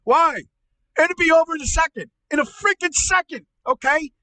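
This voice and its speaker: A man playing an angry middle-aged uncle in a comedy podcast, ranting loudly, swearing and stammering. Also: very high-pitched, normal speed, no room sound. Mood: furious ranting. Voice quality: shouty, profane, stammering. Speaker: podcast co-host. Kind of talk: comedic rant.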